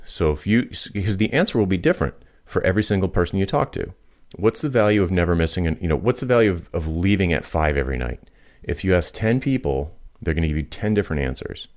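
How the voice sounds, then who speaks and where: A man with an extremely low voice hosts a podcast and gives business advice. He explains with confidence and brings in lively acted-out examples. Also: fast talker. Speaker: podcast host, pricing consultant. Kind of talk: casual advice talk.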